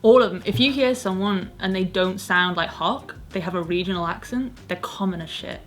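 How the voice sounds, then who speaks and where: Young Welsh woman guest, blunt, deadpan humor, casual podcast banter. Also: medium pitch, normal speed. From Wales. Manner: dry, blunt and sarcastic.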